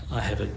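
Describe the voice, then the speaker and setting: An older man from South Africa preaching a sermon as guest preacher, earnest and pleading by turns, with lively storytelling. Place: church sanctuary. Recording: echoey church with faint ambient noise.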